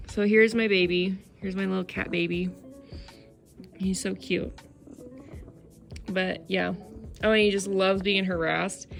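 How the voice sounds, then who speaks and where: A young woman vlogger talking casually about her cat, halting with many fillers and fighting back tears. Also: mid-range voice, vocal fry. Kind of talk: casual vlog.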